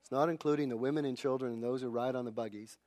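A preacher doing an exasperated, doubting Moses. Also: male voice, medium pitch, fairly even intonation, a little mellow, natural voice. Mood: incredulous. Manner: rapid incredulous questions. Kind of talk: retelling a scripture story in a sermon.

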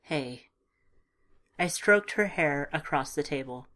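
A woman narrating a first-person story in a calm, measured, understated way. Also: sits low. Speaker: audiobook narrator.

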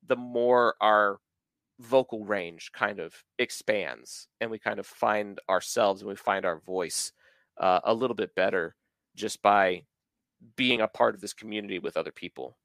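A man's voice: fairly low pitch, a little slow, fairly bright tone, no echo. A man in his thirties from the American South, talking at length as a podcast host, with plenty of filler words. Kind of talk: casual podcast chat.

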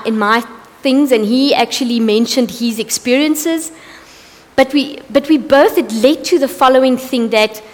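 A woman gives a conversational sermon, candid and full of asides, with a voice pitched a little high. Her words ring out with the long tail of a large hall. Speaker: preacher. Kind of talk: evening sermon.

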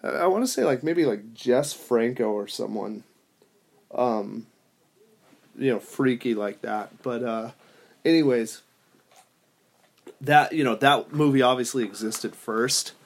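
A man's voice: medium pitch, a little slow, creaky, pauses often. Rambling male podcast host. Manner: rambling, many fillers and restarts. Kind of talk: casual chat.

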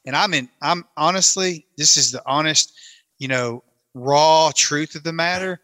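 A man's voice: on the high side, unhurried, bright, forceful tone, no echo. A man, telling a long self-mocking story in casual chat and acting out his own lines. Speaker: camera operator telling a story.

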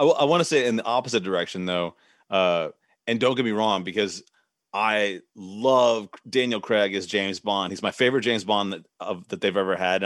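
Male interviewer, laid-back rambler, lowish voice, dry close sound. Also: fairly bright tone, no room sound. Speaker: interviewer host. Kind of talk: casual interview chat.

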